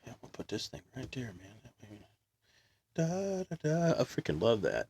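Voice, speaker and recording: A man telling a long story in casual chat, loud and animated, belting out quoted songs. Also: mid-range voice, normal speed, slightly rough.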